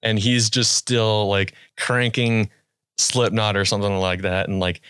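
A young man hosting a casual podcast, his voice low and steady. He tells stories in an easygoing way, speeding up in quick bursts. The sound is close and dry, with no room around it. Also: clear, resonant tone, dry recording. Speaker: podcast host.

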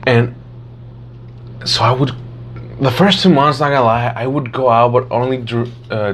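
A young man in casual chat, rambling and animated, swearing freely and acting out his friends' lines. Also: fairly low pitch, slight background noise. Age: young adult.

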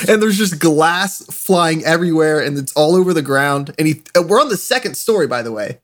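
A young man telling animated stories in a casual chat, laughing often. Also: a little high, normal speed. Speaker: podcast co-host.

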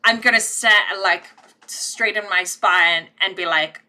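Bright-voiced woman player. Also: on the low side, a little slow. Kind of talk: casual role-play chat.

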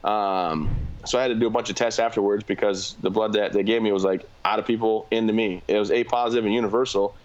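A man's voice: lowish voice, fairly even intonation, dull audio. A man, a combat veteran guest, telling his story candidly in a plain-spoken way. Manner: fast, plain-spoken, filler-heavy.

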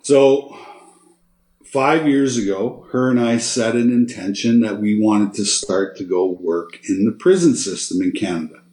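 Low-voiced man telling a story in a roomy space. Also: a little slow. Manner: animated storyteller, checks in with "okay?" and "right?". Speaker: interview guest. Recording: roomy echo.

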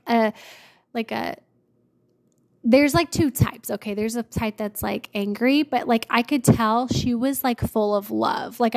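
A woman telling a personal story to her viewers in casual chat, talking in a chatty way full of "like" and getting excitable as she goes. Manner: chatty, lots of "like", bursts of laughter; excitable, jumps up in pitch when thrilled. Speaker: vlogger.

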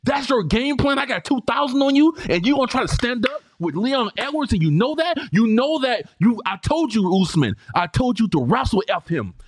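A man in his forties co-hosting a sports podcast, arguing in a heated, loud, emphatic way. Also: extremely high pitch, very animated, normal speed, hardly any pauses, dry recording, clean studio sound. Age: 40s. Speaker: podcast co-host. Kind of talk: casual sports debate.

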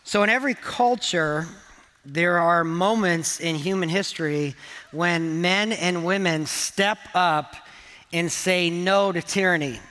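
A man's voice: high-pitched, slow, sharp tone, long reverb tail. A man preaching a sermon as pastor, earnest and conversational with touches of humor. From England. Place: church auditorium.

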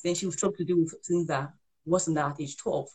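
A woman in her thirties talks quickly and earnestly as she gives parenting advice. Her voice is husky and a little low. She often circles back and repeats herself while she explains. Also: fairly even intonation, warm tone. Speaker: guest author and parent. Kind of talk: conversational advice on a live show.

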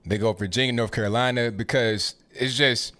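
A mid-pitched male host riffs casually on his call-in show, slangy and opinionated. He talks in loose, conversational runs. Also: steady tone, normal speed, pushed and bright. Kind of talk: casual political commentary.

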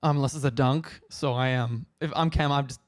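Fast-talking young man in casual sports chat. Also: medium pitch, steady tone. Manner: quick rambling talk with many fillers. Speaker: podcast co-host.

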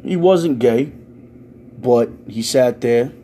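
A young man, delivering a loud, profane rant in a casual stand-up style. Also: medium pitch, slow pace. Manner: loud, swearing, ranting, animated. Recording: faint background noise.

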